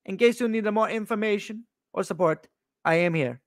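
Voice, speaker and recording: A man doing a smooth-talking sales rep who lays on the polite patter a little too thick. The put-on voice sits high, with a slightly distant, altered tone set apart from the speaker's usual sound. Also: moderate pace, no room sound, clean studio sound, close to an everyday voice. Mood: salesy.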